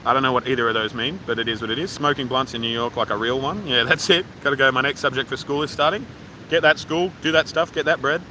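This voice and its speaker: An Australian man livestreams from his phone outdoors at a waterfall park, rambling offhandedly and swearing freely as he reads viewer comments. His mid-range voice is fast and sharp-toned, and the audio is poor with slight background noise.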